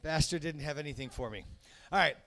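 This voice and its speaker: A man's voice: fairly high pitch, a little fast, a bit bright. A man hosting a stand-up comedy show, rambling and cracking wise, often cutting himself off mid-sentence. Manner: rambling, self-interrupting wisecracks. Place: comedy club stage.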